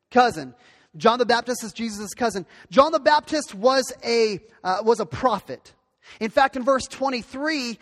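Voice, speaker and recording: A male pastor giving an earnest, emphatic sermon that repeats its key points. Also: sits high. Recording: long hall reverb.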